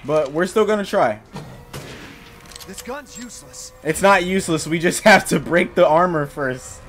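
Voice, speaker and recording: A young man narrating his own gameplay, joking around and shouting when he gets startled. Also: a little high, moderate pace. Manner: jokey, excitable, yells when startled. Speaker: gaming YouTuber. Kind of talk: let's play commentary.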